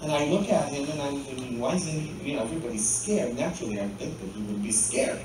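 A man preaching a sermon as pastor, often pausing to ask the congregation "hmm?". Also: medium pitch, a little mellow, slight background noise. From Poland. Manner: asks the congregation frequent rhetorical "hmm?" questions. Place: church. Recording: very echoey church, mic far off.

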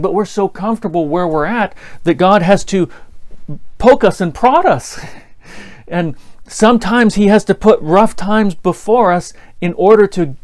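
A man with a high, light voice preaching a sermon. He keeps it conversational, laughing now and then and acting out the people in his stories. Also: a little mellow. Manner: conversational, with laughter and acted-out anecdotes.

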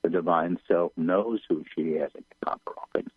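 A man being interviewed on radio who channels guides, repeating phrases softly as they come through. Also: deep voice, fairly even intonation, normal speed, husky, no echo. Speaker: channeler guest. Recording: tinny phone line.

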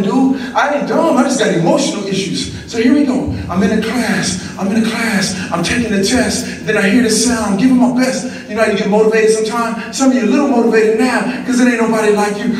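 A man's voice: high-pitched, far from the mic, slight background noise. Fiery man preaching in an echoey hall. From Los Angeles. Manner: storytelling, call-and-response with the audience, swings from hushed to shouting. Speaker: motivational speaker. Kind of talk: motivational assembly speech. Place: school gym or auditorium.

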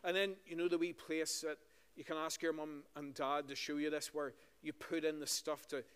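A Northern Irish pastor gives a friendly, story-style children's talk during a church service, asking the kids questions as he goes. His voice is fairly high, smooth and a bit bright, with flat delivery at a moderate pace. The large church gives the recording a long hall reverb.

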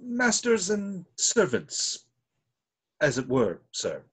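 A man's voice: mid-range voice, big pitch swings, normal speed, husky. A man playing a deferential, formal manservant in a play reading over a video call, with a stiff, proper delivery.

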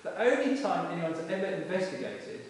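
Emphatic vicar preaching in an echoey church. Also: male voice, fairly high pitch, very animated, fairly quick. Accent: Welsh. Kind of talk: sermon. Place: stone church, live service. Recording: echoey church from far off with hiss.

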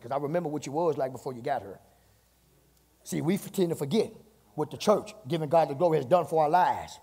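A man preaching a sermon as pastor, repeating his phrases and rising to shouts. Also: a little high, slightly rough. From United States. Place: church sanctuary. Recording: church sermon with hall reverb.

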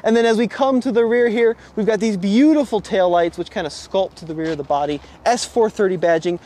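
A man's voice: sits high, brisk, dark tone. A man co-hosting a casual car review outdoors, wry and sarcastic as he shows off an old luxury sedan. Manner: wry, sarcastic, enthusiastic showman. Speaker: co-host presenting cars.

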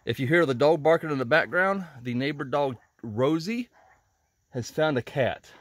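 A man's voice: a little high, normal speed, no room sound. A man vlogging casually from inside a chicken coop in a greenhouse, a little out of breath, chatty and laughing often. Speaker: homesteading vlogger. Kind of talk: casual walk-and-talk vlog. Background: chickens clucking.

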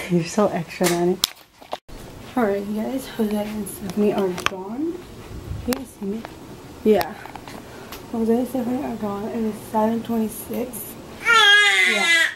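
A young mother vlogs to camera about her day at home, chatting casually and sometimes cooing in a sing-song voice to a fussy baby. Her mid-range voice has fairly even intonation and an unhurried pace with long pauses, with noise in the background.

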